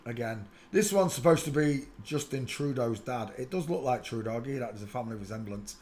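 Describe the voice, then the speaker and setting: A man hosting a live stream, giving casual, mocking running commentary on pictures and greeting viewers by name. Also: fairly quick. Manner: excitable, breaks into loud high laughter. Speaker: livestream host.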